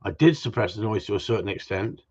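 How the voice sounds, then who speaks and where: Man, husky low voice, blunt and repetitive trainer chat, lo-fi sound. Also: fast talker, a little mellow. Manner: blunt, opinionated, repeats himself. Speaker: gundog trainer. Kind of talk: casual livestream chat.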